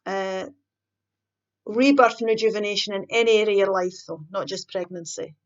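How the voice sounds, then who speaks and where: A woman reads tarot in an easy, chatty way, talking through each card as she draws it. Her voice sits at a middling pitch. The recording is a little dull and lo-fi. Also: moderate pace. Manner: chatty, thinks aloud while pulling cards. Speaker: tarot reader. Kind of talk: casual tarot card reading.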